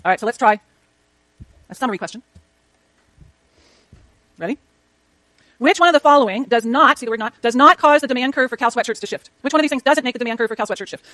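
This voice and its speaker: Woman prof racing thru an econ lecture, high pitched, chatty asides to herself. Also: sharp tone, no room sound. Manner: rapid, chatty, self-talk while working slides. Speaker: economics lecturer. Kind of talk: university lecture with clicker questions. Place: lecture hall.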